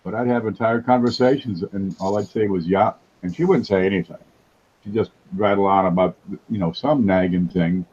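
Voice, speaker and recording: A man's voice: on the low side, moderate pace, darkish tone, breathy edge, muffled recording. A man hosting a casual livestream chat, wisecracking and joking as he talks. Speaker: host.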